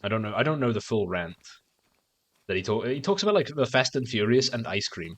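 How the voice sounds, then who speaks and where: A man's voice: mid-range voice, big pitch swings, brisk. A man streaming a game and chatting casually, rambling with stammered restarts and frequent swearing. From outside the United States. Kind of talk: casual chat while gaming on stream.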